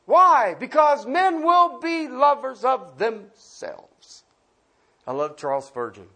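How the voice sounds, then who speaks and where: A pastor teaching a Bible-study sermon, asking the listeners questions and swinging from loud emphasis to quiet asides. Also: sits high, sing-song, slow.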